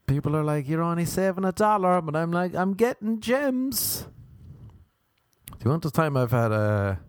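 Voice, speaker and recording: Irish man telling a lively story. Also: fairly quick, clear, resonant tone, no echo, studio quality. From Ireland. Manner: animated, laughing, leaps up in pitch for emphasis. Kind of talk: casual storytelling monologue.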